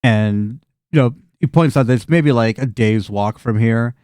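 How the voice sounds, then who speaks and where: A man's voice: mid-range voice, moderate pace, darkish tone, smooth, no room sound. A man narrating a tabletop game as game master, casual and laughing, with frequent swearing.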